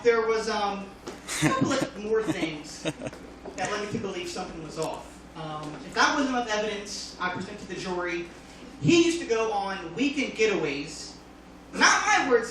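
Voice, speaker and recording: A man performing a casual stand-up comedy set, talking loosely with many fillers and sudden loud jumps, recorded from far off on a phone in a comedy club. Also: high-pitched, heavy reverb, slight background noise. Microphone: phone filming from the audience.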